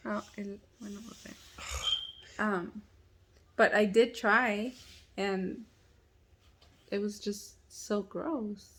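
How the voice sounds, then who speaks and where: A woman chatting casually, answering in short, slow reactions and soft laughs. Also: mid-range voice, fairly even intonation. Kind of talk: casual chat.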